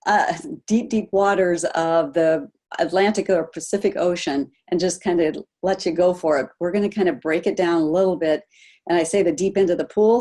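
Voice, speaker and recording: A woman coaching a group on a video call, animated, asking her listeners questions and acting out example voices. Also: lowish voice. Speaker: health coach.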